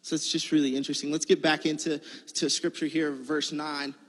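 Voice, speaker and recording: A man's voice: a little high, level tone, a little fast, big-room sound. A man giving a conversational sermon, telling a personal story in a casual, earnest way. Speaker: preacher.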